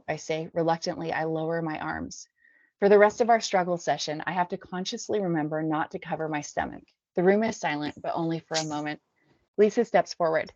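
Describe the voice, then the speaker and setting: A woman from the Bay Area, a podcast guest, reading her memoir aloud in a measured, subdued way. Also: deep voice, darkish tone, dry recording. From San Francisco Bay Area. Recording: dull dry lo-fi recording.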